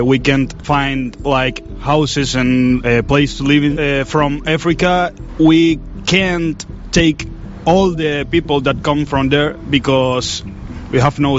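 A man answering in an interview clip, hesitant with filler pauses. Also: fairly high pitch. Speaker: street interviewee. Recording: dull lo-fi clip with music behind.

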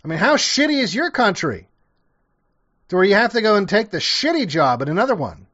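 Man, fairly high voice, sarcastic, profane, rambling commentary, lo-fi dull sound. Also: sing-song, brisk, fairly bright tone. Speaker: commentator reacting to an old TV show. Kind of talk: casual reaction commentary.

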